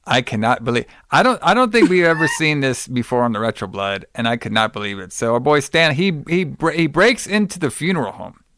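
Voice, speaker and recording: Brief: male podcast host, mid pitch, rambling and profane, dry close mic. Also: very animated, fairly quick, fairly bright tone, dry recording. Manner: rambling, profane, wrestling-fan slang. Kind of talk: casual film recap.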